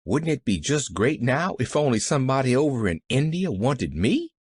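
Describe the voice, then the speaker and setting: Man voicing a folksy poor country boy, lively voice, dry close sound. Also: medium pitch, moderate pace, slightly rough, no room sound. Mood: wistful. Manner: folksy dialect.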